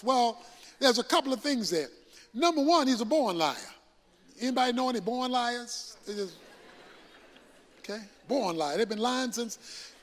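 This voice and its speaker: A male pastor preaching with a strikingly high, bright, forceful voice. He builds his points with rising emphasis and folksy storytelling. The sound carries a long hall reverb. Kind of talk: sermon.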